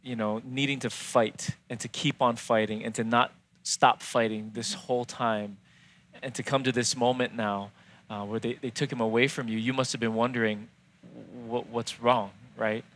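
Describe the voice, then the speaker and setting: A man's voice: medium pitch, fairly even intonation, moderate pace, fairly bright tone. A man, a pastor, interviewing a church member, affirming her and summing up what she says. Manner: affirming, sums up the guest's words.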